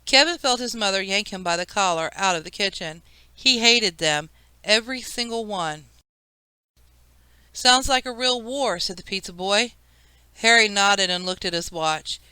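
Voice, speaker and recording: A woman narrating a children's audiobook in a lively storytelling manner. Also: mid-range voice, normal speed, smooth, no echo, rough recording.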